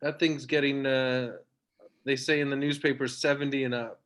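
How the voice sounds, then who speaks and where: A man's voice: medium pitch, level tone, moderate pace, a bit bright. Rambling, self-deprecating man at home. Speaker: stand-up comedian. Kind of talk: stand-up set on a livestream.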